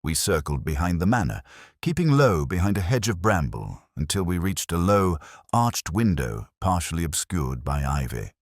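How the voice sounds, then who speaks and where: A man reading a detective story aloud in measured scripted narration. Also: low-pitched, sing-song, no echo, clean studio sound.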